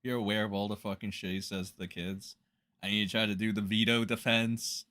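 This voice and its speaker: A man's voice: on the low side, little pitch movement, a little fast, bright, forceful tone. A man ranting profanely on a casual livestream, with loose fillers.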